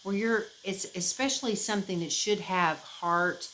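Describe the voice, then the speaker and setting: A woman from the United States, chatting casually to camera as a vlogger, rambling and expressive, with many fillers and restarts. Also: medium pitch, moderate pace, slight background noise, rough recording. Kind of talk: casual chat.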